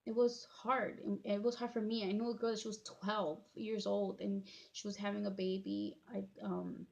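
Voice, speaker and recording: A woman in her thirties telling her own life story in a halting, emotional way, full of fillers and restarts, tearing up as she talks. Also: medium pitch, level tone, gravelly, a little mellow. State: tearful. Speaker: vlogger. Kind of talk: personal storytime.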